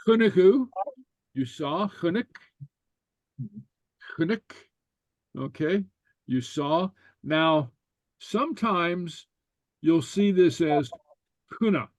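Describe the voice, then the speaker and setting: A man teaching a language class, explaining slowly and stopping often with fillers and repeated okays. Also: fairly high pitch, expressive, no room sound. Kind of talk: relaxed online class explanation.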